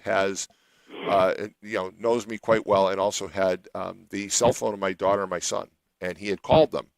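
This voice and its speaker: A man's voice: sits low, vocal fry, no echo, poor audio. A middle-aged man hosting a radio show, telling a long personal story in a rambling way with many restarts.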